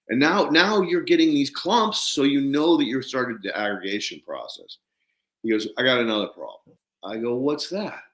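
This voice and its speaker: A man's voice: medium pitch, very animated, brisk, fairly bright tone, reverberant. A man hosting a podcast, telling a farming story with energy and acting out both sides of the conversation. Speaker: podcast host.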